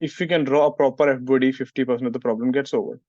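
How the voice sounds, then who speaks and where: A man's voice: medium pitch, fairly even intonation, racing, darkish tone, no echo. A male physics teacher, lecturing a class and scolding students who don't listen. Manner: scolds students, asks "getting it?" often. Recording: muffled, dry sound.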